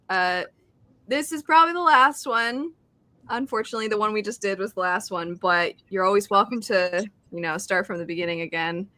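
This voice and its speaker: A woman's voice: medium pitch, sharp tone, dry recording. A woman hosting a reading stream in casual chat, reading out chat messages and laughing often. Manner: chatty, reads chat aloud, laughs often.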